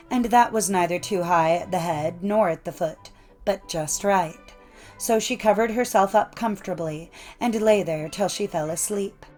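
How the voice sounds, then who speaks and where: A woman reading old folk tales aloud in a measured storytelling cadence. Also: mid-range voice, darkish tone. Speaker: narrator. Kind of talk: scripted storybook narration.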